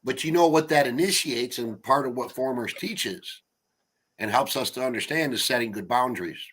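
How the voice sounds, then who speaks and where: A man with a husky, mid-pitched voice talks bluntly and casually about recovery. He swears freely and laughs through his stories. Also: moderate pace, fairly bright tone. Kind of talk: casual recovery group chat.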